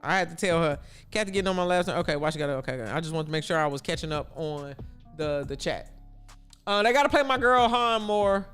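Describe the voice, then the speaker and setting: A man's voice: a little high, fast, fairly bright tone, smooth, faint music behind. A man from Chicago hosting a casual sports livestream, chatty and answering his viewers' chat aloud. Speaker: livestream host.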